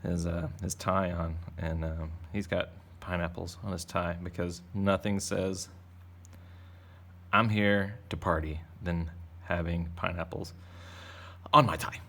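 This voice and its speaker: Deep gravelly man teaching kids to draw. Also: flat delivery, unhurried, bright, forceful tone. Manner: playful, rambling, jokey. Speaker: art teacher. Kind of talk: casual drawing lesson for kids.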